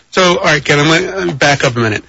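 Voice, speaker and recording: Bright rambling male radio host. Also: a little high, lively intonation, moderate pace, gravelly, slightly rough, no echo, highs cut off. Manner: rambling, wry asides. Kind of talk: call-in radio talk.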